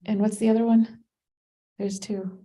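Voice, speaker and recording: A woman's voice: medium pitch, level tone, measured pace, mellow, rough recording. A woman teaching a Qur'an study class, explaining commentary in a conversational way and thinking aloud with fillers and restarts. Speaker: religious teacher.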